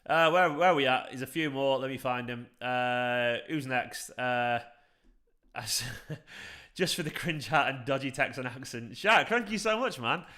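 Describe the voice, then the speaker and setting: A young adult man hosting a football fan live stream, chatty and excitable, swearing casually as he reads the chat. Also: mid-range voice, unhurried.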